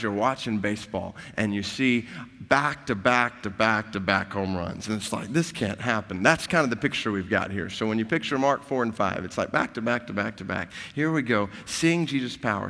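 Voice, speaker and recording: A man preaching a sermon and retelling a story with animated, rising intensity. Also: mid-range voice, big-room sound. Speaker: pastor.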